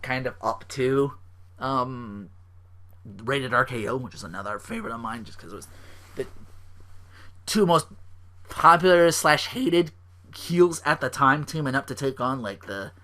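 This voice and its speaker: A man's voice: medium pitch, pushed and bright. A young man hosting a solo podcast, rambling and swearing as he recaps wrestling shows and acts out lines. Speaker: podcast host.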